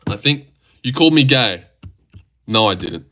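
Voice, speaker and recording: A young man hosting a casual livestream from a home setup, talking at a desk mic. His voice is bright and forceful at a middling pitch. He rambles loosely, swears, and trips over his words as he answers chat. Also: lively intonation, measured pace, a little hiss or hum. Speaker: livestream host reacting to fights.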